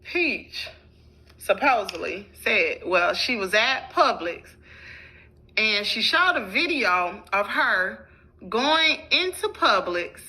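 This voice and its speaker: A woman vlogger with a husky voice, retelling events and addressing viewers directly. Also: a little high, bright, forceful tone, low-quality recording. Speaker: commentary vlogger. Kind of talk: casual storytelling commentary.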